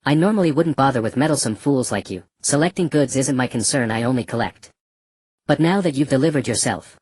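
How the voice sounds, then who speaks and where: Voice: medium pitch, animated, a little fast, darkish tone, slightly rough, no room sound, clean studio sound. A narrator voicing a cruel, mocking male slave trader in a black robe, speaking casually and scornfully. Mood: cold mockery. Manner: casual, scornful, matter-of-fact.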